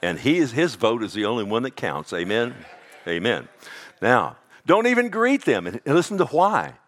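Man preaching with dramatic loud-soft swings. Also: mid-range voice, moderate pace. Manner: animated preaching, swinging from loud emphatic bursts to hushed intensity; calls out "Amen?" to the congregation. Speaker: pastor. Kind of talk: sermon.

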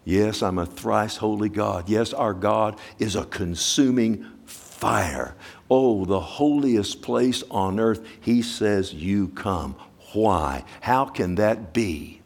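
A man preaching a sermon as a pastor, asking his congregation questions and swinging from loud exclamation to hushed, slow emphasis. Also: lowish voice, vocal fry.

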